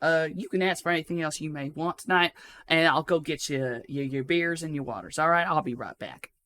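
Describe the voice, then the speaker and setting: A man's voice: on the high side, a little fast, sharp tone. A man voicing a folksy Southern steakhouse waitress who drawls and calls her customers sweetheart and darling. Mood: friendly. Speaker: game master voicing a character.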